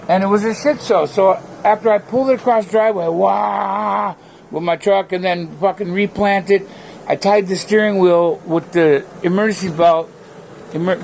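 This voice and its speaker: A man's voice: high-pitched, darkish tone, a little hiss or hum. A man vlogging from his home, rambling between topics in a casual, profane rant.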